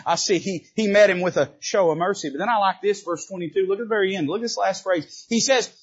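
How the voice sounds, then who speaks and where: A man with a high, husky voice preaches a sermon from the pulpit, swinging from loud emphatic bursts to quiet asides and tossing quips to the congregation. The church recording sounds dull and lo-fi. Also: a little fast. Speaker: Baptist preacher.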